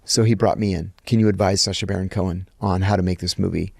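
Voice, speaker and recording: Man, middle-aged, gravelly voice, dry close sound, lively storyteller. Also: deep voice, quick pace, dry recording. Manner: animated anecdote teller, acts out quoted lines. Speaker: guest, former intelligence officer. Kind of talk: storytelling in an interview.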